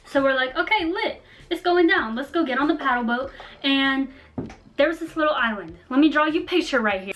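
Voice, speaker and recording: A young woman vlogger telling a story in a chatty, animated way, full of slang and fillers. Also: sits high. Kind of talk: casual storytime vlog.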